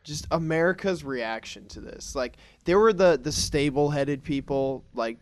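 A man's voice: on the high side, a little slow. A young man co-hosting a casual podcast chat, playful and jokey. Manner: jokey, playful, drops into silly voices. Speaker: podcast co-host.

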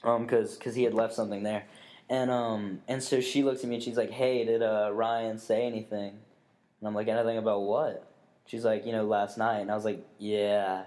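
This co-host of a casual podcast is a young man whose darkish, fairly low voice barely moves in pitch. He tells his story at normal speed, meandering with constant fillers, false starts and plenty of swearing.

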